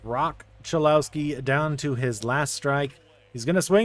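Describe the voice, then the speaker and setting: A young man narrating his baseball video game play by play, quickly getting frustrated at the game. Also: a little high. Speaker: gaming YouTuber. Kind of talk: casual video game commentary.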